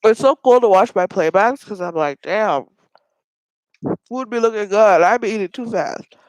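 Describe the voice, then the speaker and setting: A woman's voice: mid-range voice, expressive, moderate pace, no room sound, poor audio. A woman hosting a casual mukbang livestream from home, chatty and giggling at her own jokes, with a stuffy nose.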